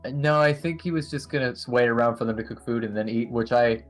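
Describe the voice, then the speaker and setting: Chef guy on a live stream reading out a game, calm, mid-pitched, adds little asides. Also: soft background music. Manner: measured, explains things with asides.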